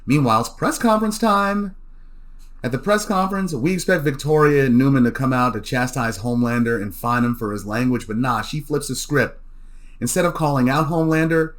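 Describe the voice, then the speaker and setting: A show recapper gives a loose, profane rundown of a TV episode in a mid-range, slightly bright voice. He repeats words, restarts sentences often, and laughs at the jokes.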